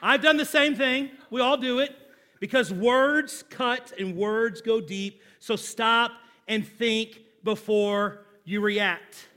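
A pastor in his forties preaches slowly in a high, ringing voice, speaking directly to his congregation and prompting them to call back. He shifts from loud, pressing emphasis to low, hushed asides.

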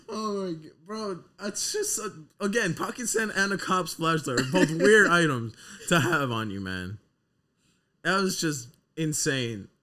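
A young man co-hosting a casual podcast, telling stories in an animated way, swearing and breaking into loud laughter. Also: fairly high pitch, unhurried. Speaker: podcast co-host.

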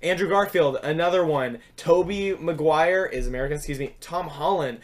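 Young guy hosting a podcast, kinda high voice, animated, keeps talking over people. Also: moderate pace. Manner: animated, talks over others. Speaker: podcast host. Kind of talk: casual chat.

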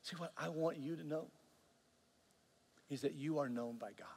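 A man preaching a sermon, telling a story with earnest, animated delivery and repeated words. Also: fairly high pitch, normal speed, creaky, husky, big-room sound. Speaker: pastor.

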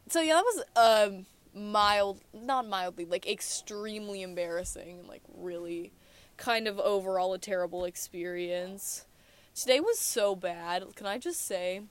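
A teen podcast co-host's mid-range voice, recorded with no room sound, wanders through casual storytelling and chat, peppered with fillers and restarted sentences.

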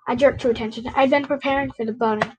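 Woman reading a novel aloud, higher voice. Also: fairly even intonation, fast talker, a little mellow, highs cut off, slight background noise. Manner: unpolished, with slips and rereads. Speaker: reader.

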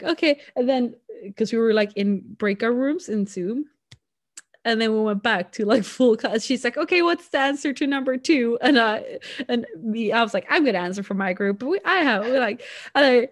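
A young woman with a slightly high voice chats casually on a podcast. She rambles through stories, restarting her sentences and laughing along the way. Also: no room sound, clean studio sound. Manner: rambling storyteller, laughs often, many restarts. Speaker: podcast co-host. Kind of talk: casual chat.

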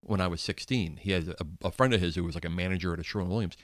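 A man on a podcast telling relaxed, quick anecdotes, often stammering as he starts a sentence. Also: sits low, no echo. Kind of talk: casual conversation.

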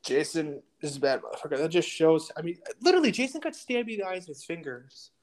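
A man's voice: a little high, expressive, fast talker. A young man hosting a podcast in crude casual chat, blunt and trash-talking. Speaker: podcast host.

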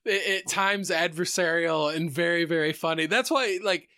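A man's voice: on the high side, normal speed, pushed and bright, smooth, no echo, studio quality. A man hosting a podcast in casual chat, laughing often and joking at his own expense. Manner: laughs often, self-mocking. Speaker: podcast host.

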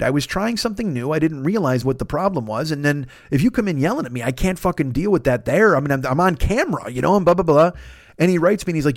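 A man hosting a podcast, telling a long story in a profane, rambling, animated way. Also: on the high side, fast, no room sound, studio quality. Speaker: podcast host. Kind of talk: casual storytelling monologue.

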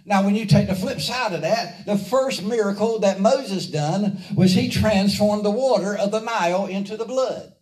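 A man's voice: high-pitched, moderate pace, few pauses, darkish tone. A man preaching a fervent, rhythmic call-and-response sermon to his congregation. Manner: fervent, rhythmic, drives the congregation to repeat after him. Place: church service. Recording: echoey church audio from a distance.

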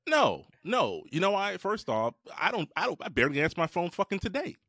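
A man co-hosting a podcast, ranting and joking loudly with lots of swearing. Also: high-pitched, big pitch swings, brisk, no echo, clean studio sound. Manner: loud, profane, joking rants. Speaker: podcast co-host. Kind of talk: casual podcast chat.

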